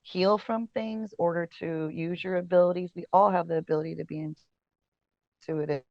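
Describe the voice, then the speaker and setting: A woman's voice: lowish voice, fairly even intonation, normal speed, no echo. Chatty woman guest, dry dull audio. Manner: chatty storyteller, many fillers, laughs often. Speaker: casting director and podcast guest. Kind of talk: casual interview chat.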